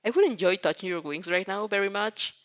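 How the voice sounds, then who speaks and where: A flustered twelve-year-old girl with prickly, blunt comebacks, voiced by a fanfic reader. Her lines come up higher than the narration, embarrassed and defensive. It sounds like an amateur audio fanfic reading. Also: fairly quick, muffled recording, natural voice. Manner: higher, flustered, muttering retorts. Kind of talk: fanfic read aloud.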